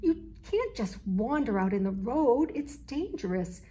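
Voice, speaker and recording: A protective, caring dog friend in a children's storybook, as a woman reads him, talking earnestly, with a lifted, lively voice. He looks out for a little kitten. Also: a little high, unhurried. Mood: warning. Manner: earnest, warning tone.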